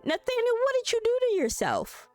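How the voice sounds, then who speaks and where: A woman's voice: very high-pitched, moderate pace, no room sound, pitched above the performer's own voice. A woman voicing a worried, dramatic mother in a life-sim game, scolding and pleading in an exasperated way. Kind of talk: video game character voicing.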